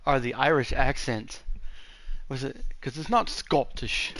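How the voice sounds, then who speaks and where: A man's voice: mid-range voice, a little slow, fairly bright tone. A man hosting a gaming channel, chatting casually and rambling, swearing and talking to himself while he hunts around his room at home.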